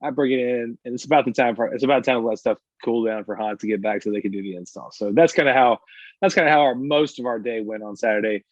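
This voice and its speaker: A man on a podcast telling a casual story, animated and quick to act out what other people said. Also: medium pitch, dry recording. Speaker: podcast co-host. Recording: dull lo-fi podcast audio.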